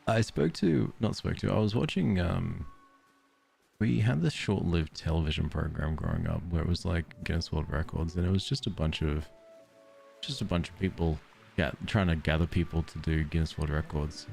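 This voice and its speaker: Brief: low, gravelly Aussie bloke, relaxed let's-play chatter that wanders into tangents, soft music behind. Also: male voice, normal speed. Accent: Australian. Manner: rambling, tangent-prone storytelling. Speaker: streamer. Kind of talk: casual gameplay commentary.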